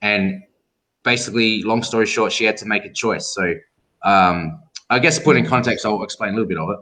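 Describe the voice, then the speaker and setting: Aussie tattoo guy telling a story, acts out the quotes, punchy bright voice. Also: on the low side, fairly quick. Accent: Australian. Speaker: tattoo artist, guest. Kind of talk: casual storytelling interview.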